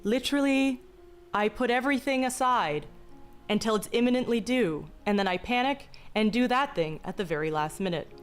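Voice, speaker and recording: A young woman streaming, speaking in a slow, deliberately calm, mock-soothing way with a touch of vocal fry, joking with chat. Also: on the high side. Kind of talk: casual live-stream chat. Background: faint background music.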